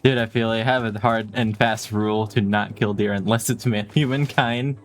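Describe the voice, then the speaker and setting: A man's voice: fairly low pitch, fairly even intonation, moderate pace. A man streaming a game live, chatting casually in a playful, jokey, self-deprecating way and laughing often.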